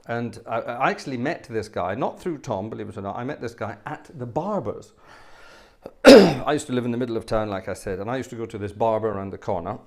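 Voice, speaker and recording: A man's voice: medium pitch, lively intonation, fairly quick, creaky, darkish tone. A man hosting a livestream, telling rambling personal anecdotes with plenty of fillers and wry, self-deprecating humour. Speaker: livestream host and organist. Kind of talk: casual storytelling.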